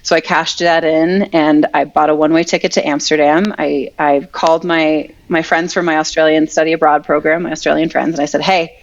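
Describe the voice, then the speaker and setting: A woman's voice: deep voice, little pitch movement, brisk, creaky, few pauses, highs cut off. A young woman guest in a podcast interview, telling her story casually and saying "like" often. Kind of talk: conversational interview.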